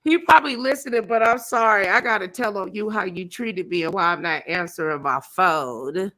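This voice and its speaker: A woman hosting a casual gossip chat, telling a story loudly and dramatically and acting out what people said. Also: mid-range voice, normal speed. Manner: loud, dramatic storytelling with laughs and acted-out quotes. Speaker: host. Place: Las Vegas area, at home.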